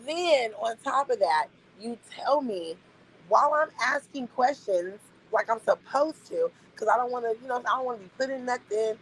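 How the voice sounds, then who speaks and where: A woman's voice: a little high, animated, normal speed, slightly rough, poor audio. A young adult woman streaming live, venting bluntly and incredulously to her chat, repeating her points for emphasis.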